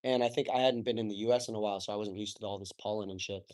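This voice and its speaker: A man's voice: on the low side, steady tone, racing, a little mellow. A young man in his twenties as a podcast guest, telling a personal story openly and with feeling, swearing casually and saying "like" and "bro" a lot. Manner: open, emotional, swears casually, says "like" and "bro" often.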